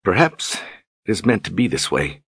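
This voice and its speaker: Man voicing a gentle thoughtful young woman. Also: low-pitched, sing-song, normal speed, gravelly, husky, no echo, clean studio sound, full character voice. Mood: comforting.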